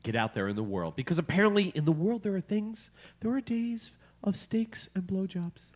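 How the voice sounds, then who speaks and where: A man's voice: sits high, lively intonation, normal speed. A male podcast host, joking, swearing freely and laughing at himself in casual studio banter. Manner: self-mocking, swears freely, laughs often.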